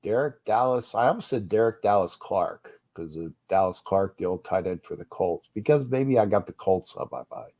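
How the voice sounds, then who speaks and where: A man's voice: deep voice, animated, moderate pace, few pauses. Stuffed-up rambling sports show host man. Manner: rambling, restarts often, swings from mutter to loud. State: stuffed up nose. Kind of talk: uncensored fan rant show.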